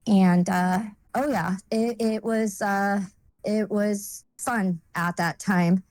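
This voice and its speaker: A woman's voice: mid-range voice, steady tone, slow, darkish tone, no room sound. A woman speaking as a guest and telling a personal story in a blunt, rambling way, with lots of fillers and swearing.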